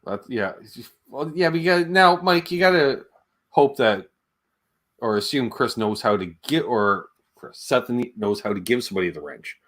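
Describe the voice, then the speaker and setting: A man's voice: medium pitch, moderate pace. A man hosting a casual livestream hang, reading chat messages and joking with his guest. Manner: animated, jokey, reads chat aloud. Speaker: host.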